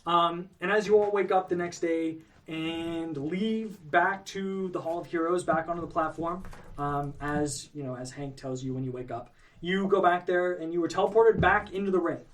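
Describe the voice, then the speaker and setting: High-pitched guy gm'ing a tabletop game, chatty and loose, mic kinda far w/ faint music. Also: fairly even intonation, normal speed, fairly bright tone. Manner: loose, chatty narration with frequent fillers and laughs. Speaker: game master.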